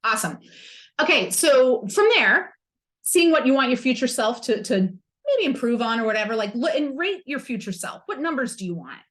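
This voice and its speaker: A woman hosts a podcast in a candid, humorous self-help chat, with playful slang. Her voice sits a little high and swoops up and down with lively energy. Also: normal speed. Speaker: podcast host.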